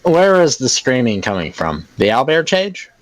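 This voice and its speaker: A man's voice: medium pitch, big pitch swings, normal speed, no room sound. A man playing in a tabletop game, playfully narrating what his character does. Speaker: player.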